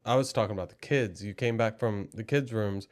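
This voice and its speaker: Calm man with a low voice. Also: a little fast. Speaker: podcast co-host. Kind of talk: candid couple conversation.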